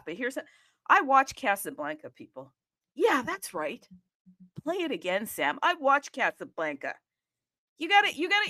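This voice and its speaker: A woman hosting a live audio chat room, talking excitedly and casually, often addressing listeners as "people" and checking in with "okay?". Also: high voice. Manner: animated, chatty, keeps asking "okay?" and addressing "people".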